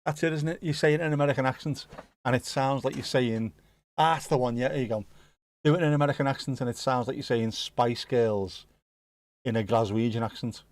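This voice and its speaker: A man's voice: medium pitch, steady tone, brisk. A man hosting a casual livestream from home, chatting and musing aloud as he answers viewers. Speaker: livestream host.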